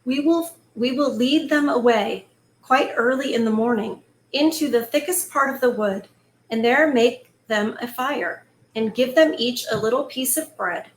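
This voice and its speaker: A woman's voice: fairly high pitch, a little slow, a little hiss or hum. A woman reading the lines of a cold, scheming stepmother in a fairy tale, in a curt, commanding manner. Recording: echoey room, faint ambience.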